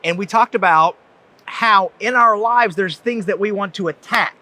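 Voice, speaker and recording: High-voiced man, rambling podcast host. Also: normal speed, pushed and bright. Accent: Southern US, softened. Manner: rambling, many fillers and restarts, enthusiastic. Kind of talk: casual conversation, introducing a guest.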